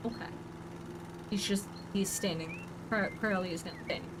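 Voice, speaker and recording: A woman's voice: mid-range voice, steady tone, moderate pace, background noise. A woman in her thirties streaming a building game, chatting casually and thinking aloud with playful asides. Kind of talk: casual gameplay commentary.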